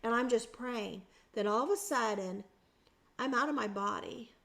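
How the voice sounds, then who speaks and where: A woman's voice: fairly high pitch, moderate pace, gravelly, fairly bright tone. A woman guest on a podcast, recounting a personal experience in an earnest, emotional way with frequent restarts. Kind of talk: personal storytelling in an interview.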